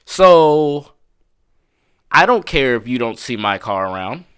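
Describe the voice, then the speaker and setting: Animated, bright-voiced male podcast host. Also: mid-range voice, takes it slowly, clear, resonant tone. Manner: animated, slangy, swears often. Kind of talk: casual storytelling chat.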